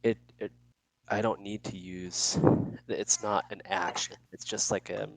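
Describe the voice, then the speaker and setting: Casual male player, very low and gravelly voice, thinking aloud as he reads the rules. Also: level tone, measured pace, a bit bright, low-quality recording. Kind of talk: casual tabletop game play.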